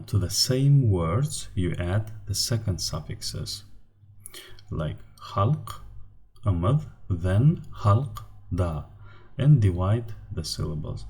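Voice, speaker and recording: A man with a Turkmen accent, a native Turkmen speaker teaching a grammar lesson in English, explaining slowly and carefully with frequent hesitations. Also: low-pitched, darkish tone. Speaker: language teacher.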